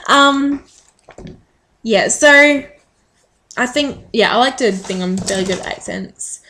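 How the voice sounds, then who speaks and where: A woman's voice: a little high, slow, pauses often, bright, forceful tone. Chatty woman vlogging. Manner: chatty, rambling, frequent ums. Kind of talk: casual chat to camera.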